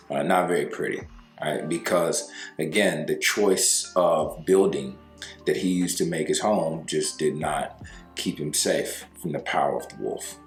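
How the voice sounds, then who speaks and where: A man, a breakup coach, tells a fable as relationship advice in a conversational way, with fillers and slow stressed words. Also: rumbling low. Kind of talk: storytelling advice monologue. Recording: roomy sound with faint music.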